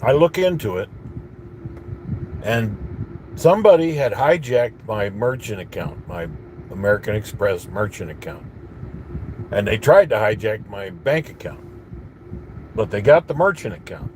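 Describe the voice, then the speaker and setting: A man's voice: lowish voice, lively intonation, a little slow, long pauses, a little mellow, slight background noise. A man ranting bitterly in a casual monologue, rambling with restarts and coughing at times. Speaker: vlogger.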